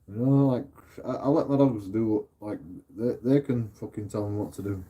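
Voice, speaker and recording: A man's voice: on the low side, moderate pace, husky, lo-fi sound. A middle-aged man, chatting casually as a streamer, rambling, repeating himself and swearing often.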